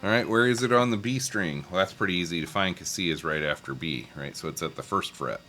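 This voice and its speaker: Speaking fast in a deep voice, a man gives a casual guitar lesson, patiently walking through scales and calling out note names, singing them along. He talks over his playing, and the guitar behind him is loud.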